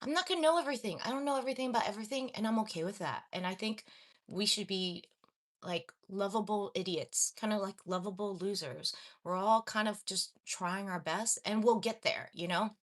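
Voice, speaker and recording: A woman's voice: medium pitch, moderate pace. A young adult woman from Los Angeles chatting casually on a livestream, reading viewer comments and laughing at herself often. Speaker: livestream host.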